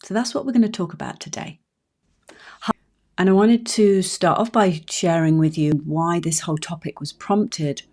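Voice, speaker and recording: A woman in her fifties, a relationship coach hosting her own podcast, speaking in a gentle, heartfelt, personal way. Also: on the low side, fairly even intonation, normal speed. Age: 50s. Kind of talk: reflective solo podcast talk.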